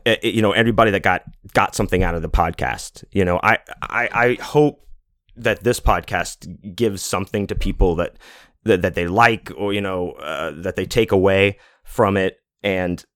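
A man's voice: deep voice, moderate pace, a bit bright, no echo, clean studio sound. A man in his forties hosting a podcast, talking in a rambling, casual monologue full of fillers, restarts and swearing. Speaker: podcast host.

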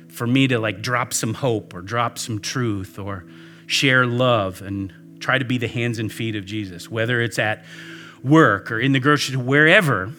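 A man's voice: medium pitch, sharp tone. A man preaching a sermon, telling a story earnestly and leading a prayer. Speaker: pastor.

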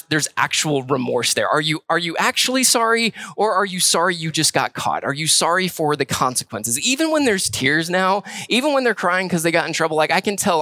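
Conversational pastor, dry close sound. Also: male voice, fairly high pitch, dry recording. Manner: conversational, animated storytelling with quoted voices; frequent restarts and repeated words. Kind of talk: sermon.

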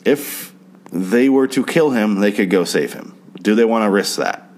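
A man's voice: lowish voice, moderate pace, darkish tone. A man recapping a TV episode in a crude, sarcastic, rambling way, now and then mimicking characters. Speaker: TV show recapper. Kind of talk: casual spoken TV recap.

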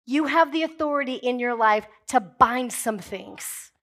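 A woman pastor with a high voice delivers a sermon. She speaks emphatically and builds to forceful declarations, breaking off now and then for jokey asides to her congregation. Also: lively intonation, unhurried.

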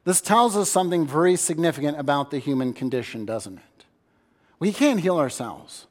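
A male pastor preaching a sermon in a church sanctuary, earnest and stumbling into restarts. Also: fairly high pitch. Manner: earnest, repeats words as he restarts, shifts loudness for emphasis. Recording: long hall reverb.

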